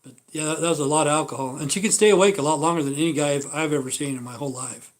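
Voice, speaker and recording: A man's voice: a little high, very fast. A man hosting a casual livestream, talking in a rambling, profane way with many fillers. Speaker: livestream host.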